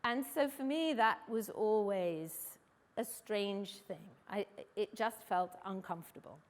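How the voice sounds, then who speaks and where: A middle-aged woman with an English accent shares a personal story on stage. She speaks in a reflective, wry, measured way. Her voice carries a long hall reverb. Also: mid-range voice. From England. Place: stage event.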